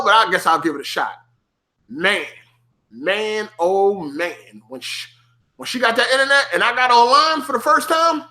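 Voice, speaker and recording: Animated, profane male gaming streamer. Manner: animated, profane, slangy, acts out his past self in a higher excited voice. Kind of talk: casual storytelling.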